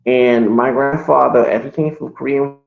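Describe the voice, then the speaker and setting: A man's voice: mid-range voice, fairly even intonation, moderate pace, gravelly. A man in his forties talking in a long, rambling livestream monologue, often restarting and correcting himself. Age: 40s. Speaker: streamer. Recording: echoey room, dull lo-fi sound.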